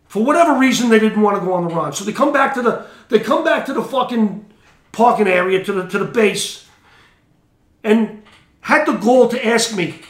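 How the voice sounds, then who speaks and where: A man's voice: very high-pitched, fairly bright tone. A man on a podcast delivering a heated rant. He swears constantly and repeats himself as he gets worked up. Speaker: podcast regular. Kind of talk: angry rant. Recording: echoey room.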